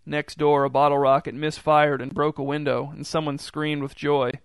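A man reading a story aloud in an even, measured way. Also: a little high, clear, resonant tone, no room sound. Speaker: narrator.

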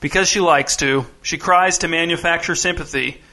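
A weary father, cold and curt, speaking in a flat, dry voice, as the narrator plays him. The tone is bright and somewhat high for a man, in an audiobook reading. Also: moderate pace.

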